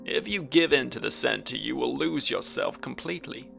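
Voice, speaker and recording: A man voicing a calm, wise female friend, reading game dialogue in a reflective, gently persuasive way. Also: medium pitch, moderate pace, gravelly, soft background music.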